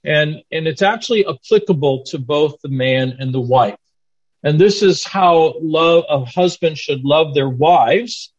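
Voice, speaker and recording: A man's voice: on the high side, a little slow, breathy edge. An older man giving a plainspoken, earnest sermon to men in a conversational way. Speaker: lay preacher teaching men. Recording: dull lo-fi recording.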